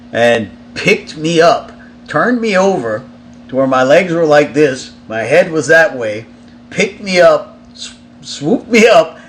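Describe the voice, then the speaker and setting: A man's voice: medium pitch, a bit bright, slight background noise. A man, a touring musician, casually telling a story in a loose, profane way, with lots of fillers and restarts.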